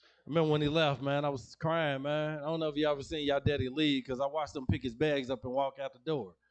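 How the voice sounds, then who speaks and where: A man's voice: on the high side, flat delivery, fast talker, clear, resonant tone. A man performing a slangy stand-up set in a comedy club, telling family stories and acting out relatives. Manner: storytelling, slangy, acts out family members.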